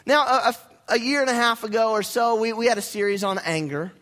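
A young man preaching, spinning a story with lively, self-mocking humor. His voice sits high and rings bright and clear. He delivers it as a sermon to his congregation. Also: fairly quick. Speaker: pastor.

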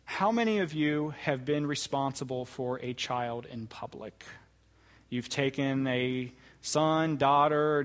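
A man preaching a sermon, with deliberate, emphatic phrasing that slows to stress key words. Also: medium pitch, long reverb tail. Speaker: pastor.

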